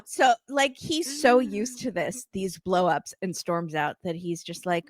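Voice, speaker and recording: A woman's voice: on the high side, sing-song, unhurried, few pauses, a bit bright, no echo, clean studio sound. A woman co-hosting a casual chat about a reality show, with wry, sarcastic commentary. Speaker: podcast co-host.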